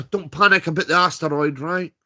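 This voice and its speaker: A man's voice: fairly high pitch, moderate pace, sharp tone. A British man ranting on a livestream, heated and swearing, tagging his points with "right?". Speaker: streamer. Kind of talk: angry livestream rant.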